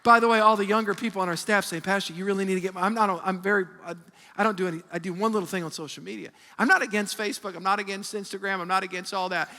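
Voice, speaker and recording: A man in his fifties, a pastor preaching a sermon with call-and-response and animated storytelling. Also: sits high, fast. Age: 50s. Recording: long reverb of a large hall.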